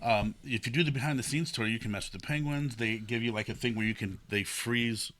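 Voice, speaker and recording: A man with an Ohio accent co-hosting a casual podcast, telling stories in an animated way and acting out people he met, swearing freely. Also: medium pitch, brisk, a little hiss or hum. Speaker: podcast co-host. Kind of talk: casual chat.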